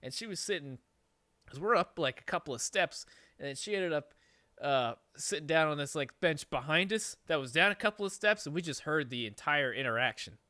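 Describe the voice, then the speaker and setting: A man's voice: fairly high pitch, lively intonation, fairly quick, bright, forceful tone, no echo, studio quality. A man telling a story on a podcast in a casual, rambling way, swearing and laughing often. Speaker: podcast host. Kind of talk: casual chat.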